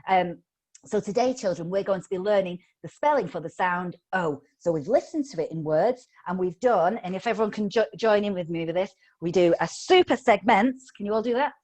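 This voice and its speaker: A woman's voice: medium pitch, brisk, darkish tone. Upbeat woman coaching teachers. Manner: upbeat, coaxing, playful teacher voice. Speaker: phonics trainer. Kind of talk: live online teacher training. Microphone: video call.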